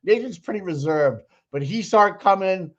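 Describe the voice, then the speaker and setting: High-voiced guy co-hosting, swears constantly, all worked up, muffled lo-fi sound. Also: moderate pace. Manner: excitable, swears a lot. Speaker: co-host. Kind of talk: casual chat. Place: home, watching remotely.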